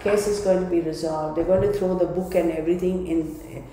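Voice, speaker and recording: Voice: medium pitch, steady tone, fast, warm tone. A tarot reader giving an emphatic reading, repeating and restarting phrases while thinking aloud. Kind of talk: tarot card reading video. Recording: very echoey room.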